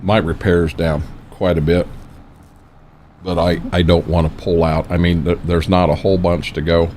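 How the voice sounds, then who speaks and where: A man's voice: low-pitched, flat delivery, moderate pace, darkish tone, a little hiss or hum. An older man casually chatting while playing a farming game, rambling and plain-spoken. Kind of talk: casual gameplay chat.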